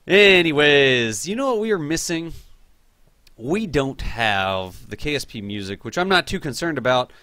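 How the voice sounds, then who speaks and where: A young man hosting a live game stream, chatting casually and excitably while reading chat aloud. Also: on the high side, takes it slowly, pauses often, no echo, studio quality.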